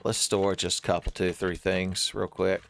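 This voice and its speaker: A man's voice: sits low, little pitch movement, moderate pace, gravelly, fairly bright tone, faint music behind. A man giving joking, rambling commentary while he plays a horror game, often laughing at his own jokes. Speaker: streamer playing a horror game.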